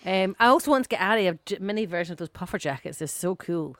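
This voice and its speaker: A woman's voice: on the low side, animated, fast, no echo. A Scottish woman co-hosting a podcast, joking and laughing in casual chat. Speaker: podcast co-host.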